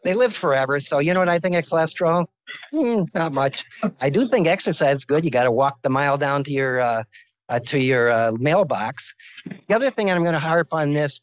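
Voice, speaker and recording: A man's voice: mid-range voice, dry recording, low-quality recording. A man in his sixties giving a medical lecture as a visiting professor, informal and joking, telling stories from his career.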